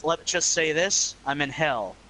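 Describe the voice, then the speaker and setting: A man co-hosting a game stream, chatting casually in an animated, drawn-out way. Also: a little high, a little hiss or hum, low-quality recording. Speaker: stream co-host. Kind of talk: casual chat before a stream.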